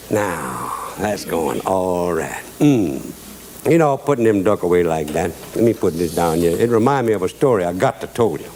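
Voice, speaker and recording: A man's voice: lowish voice, darkish tone, a little hiss or hum. A man with a Cajun Louisiana accent hosts a cooking show, drawling and joking as he walks through a recipe and chuckles at his own lines. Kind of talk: folksy cooking demonstration with storytelling.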